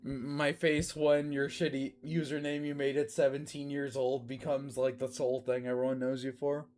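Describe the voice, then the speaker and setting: A man's voice: mid-range voice, level tone, moderate pace, a little mellow. A man reading fanfiction aloud in a casual comedic way, breaking off to swear and laugh at the writing. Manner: swearing, laughing asides, self-interrupting. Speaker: fanfiction reader.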